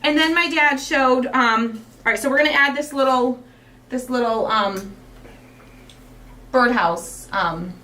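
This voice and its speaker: A woman's voice: sits high, unhurried, pauses often, bright, forceful tone. A woman hosting a casual crafting livestream, a chatty storyteller who laughs often. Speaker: craft show host. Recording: distant mic with faint noise.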